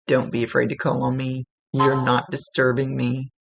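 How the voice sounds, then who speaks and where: Psychic medium, woman, earnest and chatty, gravelly voice, dry close sound. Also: very deep voice, monotone, normal speed, dry recording. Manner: earnest, chatty, repeats for emphasis. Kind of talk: spirit reading, relaying messages.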